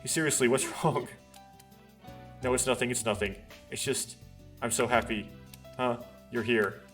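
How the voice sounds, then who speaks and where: A man hosts a let's play, reading a visual novel aloud with earnest drama. He stumbles and restarts now and then and slips in wry asides. His voice sits at an ordinary middle pitch. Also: steady tone, normal speed, a bit bright, soft background music.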